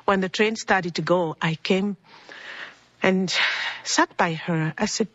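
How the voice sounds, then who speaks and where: Brief: woman, animated storyteller, husky and dry voice, slightly dull recording. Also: on the low side, takes it slowly, long pauses, no room sound. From Congo. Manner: animated, acts out dialogue in voices. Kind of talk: personal storytelling. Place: cold indoor building.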